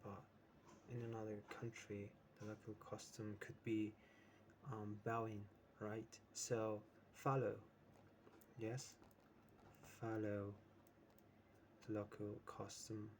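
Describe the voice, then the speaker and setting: A man's voice: fairly low pitch, flat delivery, slow, pauses often, a little mellow, a little hiss or hum. A man teaching an English lesson who explains with many examples and keeps checking in with "right?". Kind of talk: slow, patient English lesson.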